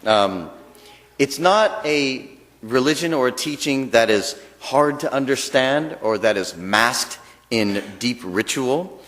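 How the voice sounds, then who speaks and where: Man minister, casual joking dharma talk, lively pitch, echoing temple hall. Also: slow pace. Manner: chatty and joking. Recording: long reverb of a temple hall.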